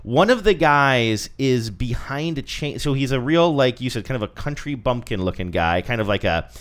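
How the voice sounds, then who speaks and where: A man's voice: mid-range voice, animated, moderate pace, clean tone. A man co-hosting a podcast in casual chat, rambling and chatty. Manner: rambling, chatty, with many fillers. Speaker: podcast co-host.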